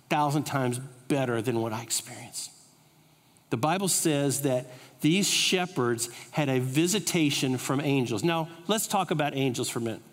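A middle-aged man preaching a sermon full of funny personal stories, with an animated delivery. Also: mid-range voice. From United States. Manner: animated, humorous storytelling. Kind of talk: storytelling sermon. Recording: reverberant hall.

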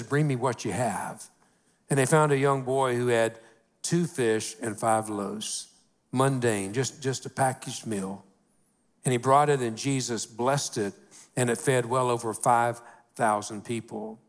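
A middle-aged man preaches a sermon in an easy, conversational way. His talk is folksy and sprinkled with "you know," and he slows to a crawl on the phrases he wants to stress. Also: mid-range voice, steady tone. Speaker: pastor.

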